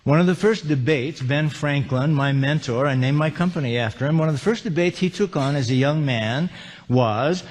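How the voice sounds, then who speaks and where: With a somewhat mellow voice on the high side and a moderate pace, a male motivational speaker addresses a live audience in a large lecture hall. He shares humorous anecdotes and quizzes listeners, all under a long hall reverb.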